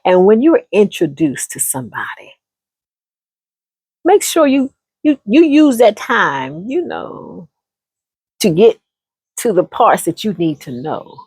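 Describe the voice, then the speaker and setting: Animated, husky-voiced woman storyteller. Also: medium pitch, takes it slowly, pauses often, no room sound. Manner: animated, laughs often, calls listeners honey. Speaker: storyteller giving relationship advice. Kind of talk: casual storytelling monologue.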